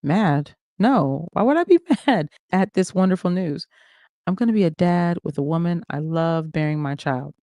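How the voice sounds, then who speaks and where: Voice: medium pitch, lively intonation, moderate pace, warm tone, no echo, studio quality, natural voice. A reader voicing a pushy, controlling rich man. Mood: delighted.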